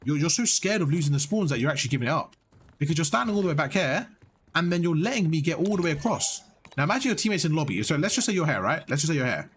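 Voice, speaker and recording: A young man giving blunt, animated coaching on gameplay, swearing freely as he explains. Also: on the high side, very fast, a little hiss or hum. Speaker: gaming coach. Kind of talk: casual coaching over gameplay.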